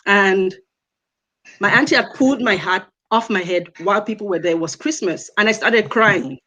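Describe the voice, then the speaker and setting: A woman from Nigeria, speaking as a guest on a live stream. She tells personal stories earnestly and stresses her points by repeating them, in a voice of middling pitch. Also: moderate pace, pushed and bright, poor audio.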